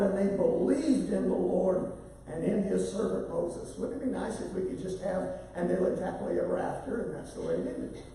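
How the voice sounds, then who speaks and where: A man's voice: high voice, mellow, heavy reverb, recorded from a distance, slight background noise, poor audio. A man teaching a Bible lesson in a conversational way, summarizing chapters and reading verses aloud. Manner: conversational, reads scripture aloud.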